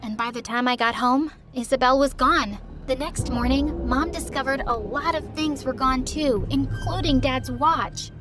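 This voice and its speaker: A woman's voice: sits high, measured pace, few pauses. A young woman telling her own story as dramatic first-person narration, with an emotional, dramatic delivery over faint background music. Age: young adult.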